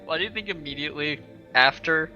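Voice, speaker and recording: A man's voice: on the high side, fairly quick, dull audio, loud music behind the voice. A man chatting casually with friends, rambling with lots of fillers. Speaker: tabletop game player. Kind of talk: casual chat.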